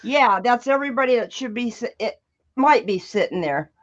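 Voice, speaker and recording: An upbeat woman chatting as a guest on a live art stream, eager and friendly. Her voice is fairly high and comes through dull, lo-fi remote call audio. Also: lively intonation, normal speed. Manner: upbeat and eager, greeting viewers. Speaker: guest artist. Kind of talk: casual live-stream chat.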